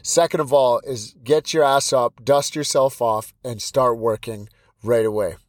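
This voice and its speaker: A man's voice: mid-range voice, steady tone, measured pace, no room sound. A man in his thirties hosting a solo podcast, speaking bluntly as a fighting coach. He repeats himself often and restarts his sentences. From British Columbia, Canada. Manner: blunt, repetitive, pep-talk delivery with many restarts. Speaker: podcast host and Muay Thai coach. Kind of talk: motivational solo podcast talk.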